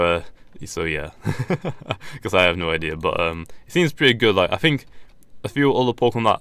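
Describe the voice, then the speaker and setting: A young man talks through a game with a slightly hoarse, low voice, rambling and restarting his sentences as he goes. The recording is dry and close, with no room sound around him. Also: a bit bright, dry recording. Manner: rambling, hesitant, frequent restarts and laughs. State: losing his voice. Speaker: gaming YouTuber. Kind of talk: casual gameplay commentary.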